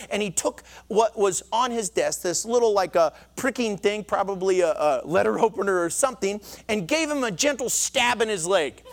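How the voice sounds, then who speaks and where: A man's voice: sits high, fairly quick. A male pastor preaching to a congregation in a church. He speaks in an earnest, conversational way and often restarts his sentences. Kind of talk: sermon.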